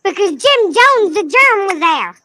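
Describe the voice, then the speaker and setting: A woman's voice: extremely high pitch, very animated, unhurried, bright, forceful tone, slight background noise, full character voice, rough recording. A woman voicing a cheeky young male rainbow lemur who rambles through a crude, chatty story. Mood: rambling tale. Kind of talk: comic character monologue.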